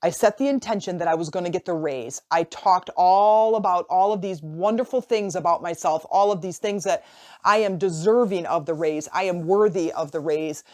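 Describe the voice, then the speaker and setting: A woman hosting a motivational coaching podcast, telling a story in a casual, animated way, often repeating and restarting her phrases. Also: lowish voice, normal speed. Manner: animated, acts out imagined dialogue. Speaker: podcast host and life coach.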